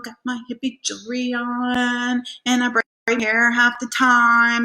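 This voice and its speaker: A woman's voice: a little high, pushed and bright. A woman host talking casually and animatedly, telling personal stories with lots of fillers. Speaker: podcast host. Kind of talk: casual motivational monologue. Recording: echoey room.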